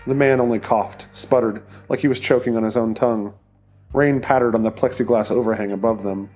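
A man reading an audiobook chapter as narrator in a steady, even storytelling voice. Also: medium pitch, normal speed, faint music behind.

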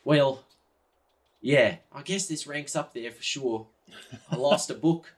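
A man's voice: mid-range voice, slow, pitched above the performer's own voice, lightly acted. A man voicing an anxious, dramatic caravan leader in a tabletop game, fretful and melodramatic. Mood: mournful.

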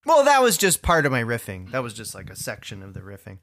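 A man's voice: medium pitch, wildly swooping pitch, quick pace, a bit bright. A man co-hosting a comedy podcast, boastful and defensive, swearing as he bickers with his partner. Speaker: podcast co-host. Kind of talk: comedic banter.

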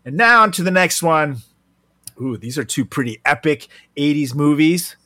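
A man's voice: a little high, expressive, moderate pace, sharp tone, no room sound, clean studio sound. A man hosting a casual podcast chat, joking and swearing, laughing often. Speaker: podcast host.

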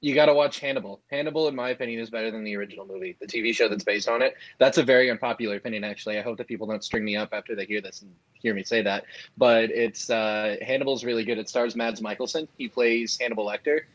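A man's voice: on the low side, steady tone, quick pace, dry recording, muffled recording. A man co-hosting a casual podcast chat over a video call, joking and giving strong opinions. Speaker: podcast co-host.

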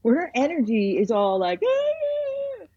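A woman's voice: medium pitch, animated, moderate pace, darkish tone, slightly rough, muffled recording. A woman therapist in casual chat, telling stories animatedly and acting out the people she quotes.

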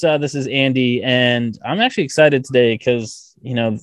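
A man's voice: mid-range voice, animated, normal speed, few pauses, no room sound, studio quality. A man hosting a podcast interview over a video call, enthusiastic and laughing often. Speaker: podcast host. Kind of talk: casual interview chat. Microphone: video call recording.

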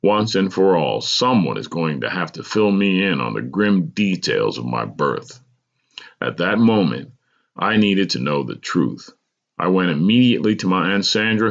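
A man, a podcast host, reading his personal memoir aloud in a measured, deliberate way. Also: a bass voice, vocal fry, a bit bright, lo-fi sound.

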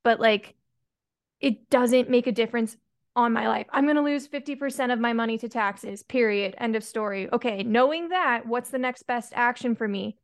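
A woman's voice: on the high side, normal speed. A woman hosting a podcast interview, reflecting in a casual way and asking her guest open questions. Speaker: podcast host.

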